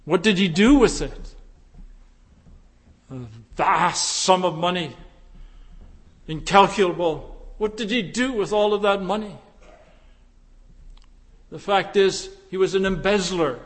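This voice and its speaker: Slow, high-voiced preacher in a big hall. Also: male voice. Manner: emphatic, slow and deliberate, rising to impassioned pleas. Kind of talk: sermon. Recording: long reverb of a large hall.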